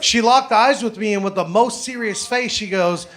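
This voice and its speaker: Young male stand-up comic, higher voice, brash profane storyteller. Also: normal speed, a bit bright, a little hiss or hum. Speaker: stand-up comedian. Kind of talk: stand-up comedy set.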